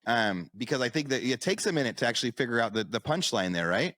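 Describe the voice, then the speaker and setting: A man's voice: medium pitch, big pitch swings, fast, a bit bright, dry recording. A middle-aged man co-hosting a podcast, chatting casually and telling stories that act out the people in them. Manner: storytelling, acts out quoted voices. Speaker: podcast co-host. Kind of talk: casual chat.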